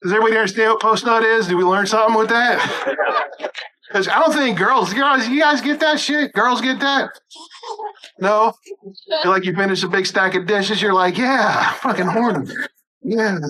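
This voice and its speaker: A man performing a crude stand-up comedy set, shouting punchlines and acting out voices. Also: high voice, normal speed, low-quality recording. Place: rooftop event.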